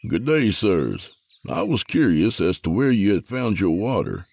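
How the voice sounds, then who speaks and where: A man doing a courtly 18th-century gentleman. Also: low voice, very animated, unhurried, vocal fry, dry recording, pitched above the performer's own voice, heavily acted. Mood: formal. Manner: courtly, old-fashioned speech. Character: 18th-century male reenactor, formal and polite.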